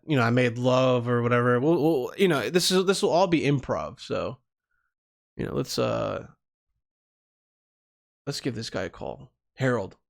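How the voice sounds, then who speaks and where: A man's voice: mid-range voice, vocal fry. A man hosting a comedy podcast, talking casually in a rambling, profane way and often stumbling over his words. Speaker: podcast host.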